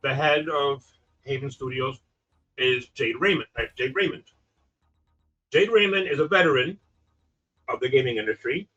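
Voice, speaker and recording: A man co-hosting a casual gaming podcast, wry and joking, his volume swinging between loud and soft. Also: medium pitch, moderate pace, pauses often. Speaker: podcast co-host, gaming specialist. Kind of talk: casual chat. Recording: dull lo-fi sound with faint music.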